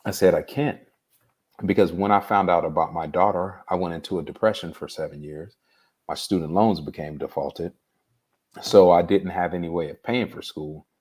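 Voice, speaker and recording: A man as an interview guest, telling a personal story in an earnest, unhurried way. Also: low voice, a little mellow, breathy edge.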